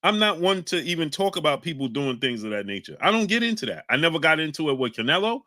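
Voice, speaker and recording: Ny guy on a livestream, bright pushy voice, heated, shouting out chat names. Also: on the high side, sing-song, fast. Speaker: livestream host reading chat. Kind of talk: heated live-stream talk.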